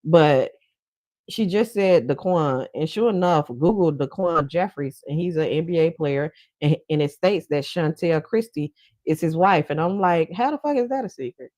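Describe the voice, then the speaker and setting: Blunt, chatty woman with a low voice. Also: a little slow, a little mellow, no room sound. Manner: blunt, profane and chatty, often laughing. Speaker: commentary vlogger. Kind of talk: casual commentary.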